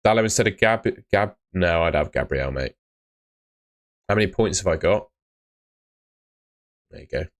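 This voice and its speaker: Deep-voiced man streaming advice. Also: animated, normal speed, pauses often. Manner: chatty, blunt advice, often ends with "mate". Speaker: fantasy football streamer. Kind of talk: casual live-stream chat.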